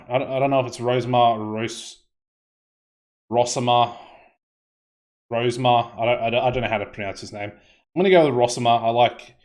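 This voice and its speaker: A man with an Australian accent casually commentating his football management game, rambling with many fillers and restarts. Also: mid-range voice.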